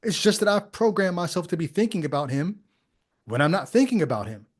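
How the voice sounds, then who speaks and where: A man's voice: high-pitched, sing-song, a little fast. A man hosting a podcast, giving critical commentary on a video clip in a skeptical, conversational way full of rhetorical questions. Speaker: podcast host.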